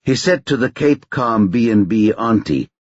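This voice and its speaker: A man narrates an audiobook thriller from a script, his mid-range voice delivering the story in a measured, even way with no echo. The recording itself sounds dull, lo-fi and dry.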